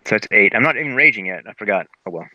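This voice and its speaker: A man's voice: on the low side, expressive, racing, muffled recording, noisy background. A man playing a tabletop game, playful and given to dramatic declarations of his character's actions. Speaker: player.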